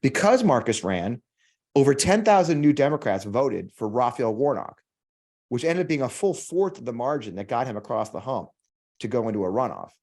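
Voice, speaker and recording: An American man hosts his own show and delivers a heated, profane monologue. His pitch swings widely as he drives his points home, stacking short repeated lines like a rally speech. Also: big pitch swings, normal speed, a little mellow. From United States. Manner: heated, swears often, repeats himself for emphasis; emphatic, preacherly build-ups. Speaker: podcast host. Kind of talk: impassioned political monologue.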